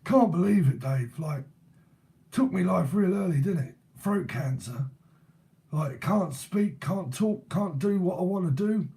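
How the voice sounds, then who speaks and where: A man voicing the spirit of an old cockney man, a former smoker, speaking in a rough, matey, grumbling way. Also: high voice, lively intonation, a little slow, warm tone, pitched above the performer's own voice, exaggerated voice. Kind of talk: psychic channeling.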